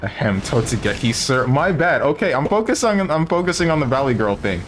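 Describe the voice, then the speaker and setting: A man's voice: fairly high pitch, sing-song, a little fast, background noise. A man streaming a video game, chatting and joking with his viewers. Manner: joking, banter with chat. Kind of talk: casual chat while playing a video game.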